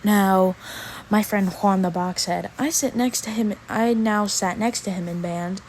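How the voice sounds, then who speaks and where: A woman's voice: medium pitch, a little mellow, a little hiss or hum, low-quality recording. A teenage girl telling a storytime rant in a casual, exasperated, slangy way. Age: teens. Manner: exasperated, slangy, drawn-out pauses. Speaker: vlogger.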